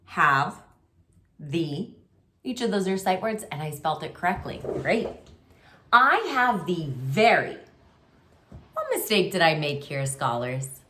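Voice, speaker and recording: A woman's voice: deep voice, expressive, measured pace, a bit bright. A woman teaching a remote kindergarten writing lesson, talking to young children in a patient, sing-song way.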